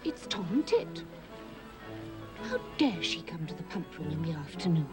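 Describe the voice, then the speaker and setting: A woman's voice: fairly low pitch, very animated, a little slow. An actress playing a prim, disapproving middle-aged mother in a period film, scolding and fussy. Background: film score music.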